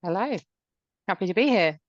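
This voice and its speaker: A woman's voice: mid-range voice, lively intonation, moderate pace, no echo. A woman co-presenting a product webinar over a video call, giving brief, polite replies. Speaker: head of product marketing. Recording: dull, dry lo-fi audio.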